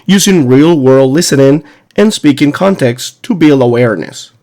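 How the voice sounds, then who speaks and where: A man's voice: mid-range voice, animated, normal speed, a little mellow. A man hosting an educational podcast, talking on his own with an emphatic, teacherly delivery full of rhetorical questions. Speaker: podcast host. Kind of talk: solo educational podcast monologue.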